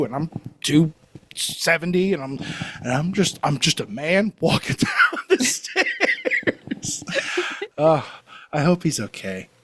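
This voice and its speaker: A man's voice: high voice, no echo. A man on a video call, chatting as a podcast guest and telling a story with lots of laughter. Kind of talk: casual chat, animated storytelling.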